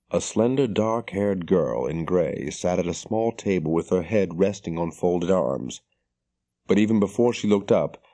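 A man reading a fantasy audiobook in scripted narration, measured and steady. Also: deep voice.

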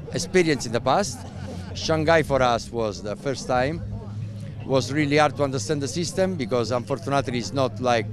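An older man, a race official, answering interview questions in halting English while searching for words. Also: mid-range voice.

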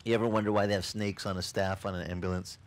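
A man preaching a sermon at an outdoor beach service, telling Bible stories in an animated way and acting out the voices of the people in them. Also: sits low, fast talker. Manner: animated storytelling, acts out voices of people and God. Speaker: pastor.

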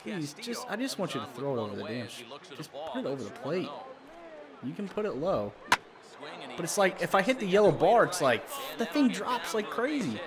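A man casually commenting on his own baseball video game as he plays, swearing and yelling at bad pitches, then talking himself back to calm. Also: normal speed, crowd noise. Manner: swears and yells in bursts of frustration, then talks himself calm. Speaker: gaming video creator.

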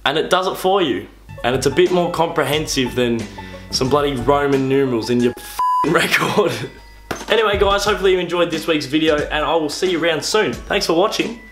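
A young Australian man delivers a comedic vlog rant with a mocking, exasperated edge. His voice sits fairly high and carries some room echo, with faint music underneath. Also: expressive. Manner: exasperated, mocking, quick-talking. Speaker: comedy vlogger.

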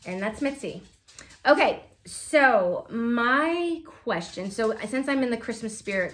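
A woman's voice: medium pitch, fairly bright tone, a little hiss or hum. A woman in her thirties hosting a casual cross-stitch vlog, talking to her viewers in a chatty, rambling way with frequent laughs. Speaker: Flosstube cross-stitch vlogger.

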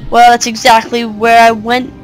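A woman's voice: fairly high pitch, level tone, normal speed, soft background music, lightly acted, low-quality recording. A woman voicing a brave eleven-year-old girl, reading polite, earnest game dialogue aloud.

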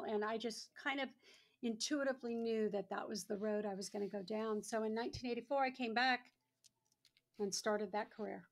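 A woman in her sixties, appearing as a podcast guest, tells stories casually in a slightly high voice at a measured pace. She's animated throughout and slips into the voices of the people she quotes, acting out their lines.

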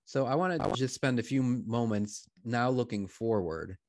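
A man who is a priest, hosting a live prayer program over a video call and answering participants in a gentle, affirming, reflective way. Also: medium pitch, moderate pace, no room sound, studio quality. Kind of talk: pastoral conversation.

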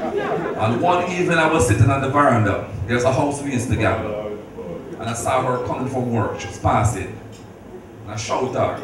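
A man's voice: mid-range voice, moderate pace. A middle-aged man giving a heartfelt birthday speech, telling stories with laughter and a preacherly ring. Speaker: speaker at a birthday celebration. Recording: echoey hall from far off, noisy.

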